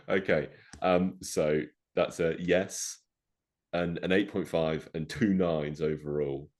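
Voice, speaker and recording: A man's voice: low-pitched, fairly even intonation, slow, long pauses, a little mellow. A young man co-hosting a podcast over a remote call, chatting casually and laughing often. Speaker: podcast co-host. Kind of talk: casual chat.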